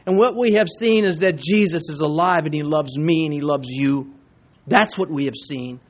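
A male pastor preaching a sermon, emphatic, swinging between quiet asides and raised exhortation. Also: on the high side, normal speed.

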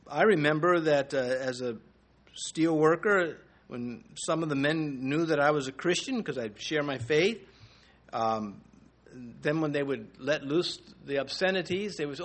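A man's voice: a little high, lively intonation, moderate pace, a bit bright. A middle-aged man teaching through a Bible passage verse by verse, reading scripture aloud and commenting in a conversational way with fillers and small chuckles.

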